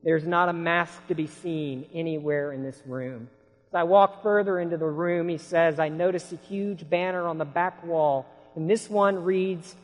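A man preaching a sermon, telling a story dramatically and swinging between hushed lines and loud outbursts. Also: a little high, steady tone, normal speed. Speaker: pastor. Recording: long hall reverb.

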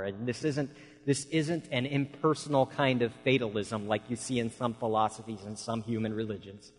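A man's voice: mid-range voice, big-room sound, rough recording. A man preaching a sermon, telling folksy stories in an earnest way.

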